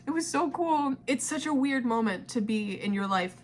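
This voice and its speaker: Young woman vlogger, somewhat high voice, warm casual chat that keeps breaking into laughs and tears. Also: expressive, normal speed. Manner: emotional, laughs and cries easily, swears casually. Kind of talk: casual vlog, talking to her past self.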